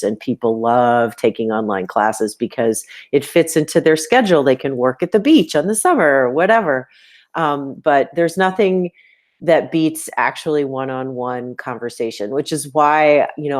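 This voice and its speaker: Very low-voiced woman teacher giving feedback. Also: darkish tone. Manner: conversational, many "um"s, reads lines aloud and taps out meter. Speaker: poetry teacher. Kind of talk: recorded feedback to a student.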